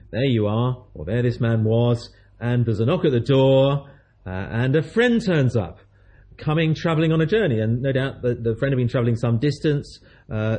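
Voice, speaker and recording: A man's voice: mid-range voice, warm tone. A man preaching a sermon, telling a story in a chatty way and acting out the voices of its people.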